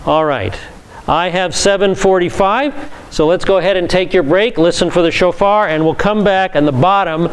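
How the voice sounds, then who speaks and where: A male pastor teaching a Bible class, reading scripture and explaining it with lively asides. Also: high-pitched, moderate pace, a little hiss or hum.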